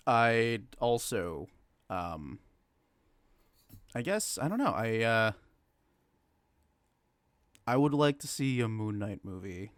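A man's voice: medium pitch, big pitch swings, slow, pauses often, no echo, clean studio sound. A man co-hosting a podcast in casual chat, rambling and hesitant with many fillers and restarts. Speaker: podcast co-host.

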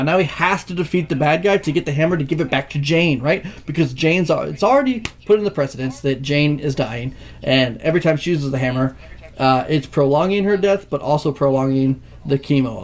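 High-pitched guy, casual profane movie rant, animated. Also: brisk.

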